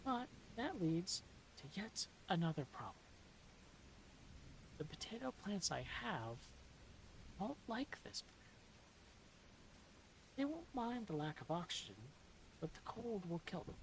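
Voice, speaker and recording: A woman reading a novel aloud in a soft-spoken ASMR style, slipping into whispers now and then, with dry, deadpan humor. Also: mid-range voice, a little slow, long pauses, a little hiss or hum, rough recording. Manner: soft, dips into whispers at times.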